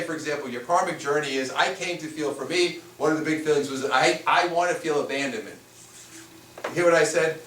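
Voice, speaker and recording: A man's voice: fairly high pitch, fairly bright tone. A man, a spiritual teacher, teaching a live seminar in a conversational way and firing rhetorical questions at the room. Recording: echoey room, far from the mic, faint hiss.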